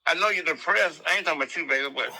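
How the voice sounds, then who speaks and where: Raspy bright-toned man chiming in. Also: on the high side, very fast, low-quality recording. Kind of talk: casual chat.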